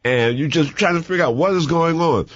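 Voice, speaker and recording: A man chatting casually as a movie reviewer, rambling and animated, with many restarts and fillers. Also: fairly high pitch, brisk, no room sound, highs cut off. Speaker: movie reviewer on a talk show. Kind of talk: casual chat.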